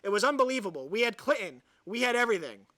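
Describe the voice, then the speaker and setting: Male livestream host, high and lively voice, sarcastic commentary, dry sound. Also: quick pace, dry recording. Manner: sarcastic, exasperated, sighs. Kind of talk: ranting live commentary, reading an article aloud.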